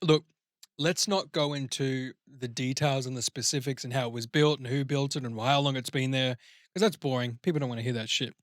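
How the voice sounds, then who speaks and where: A man co-hosting a podcast, chatting in an animated way and swearing freely. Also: mid-range voice, fairly quick, no room sound, studio quality. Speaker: podcast co-host. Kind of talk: casual chat.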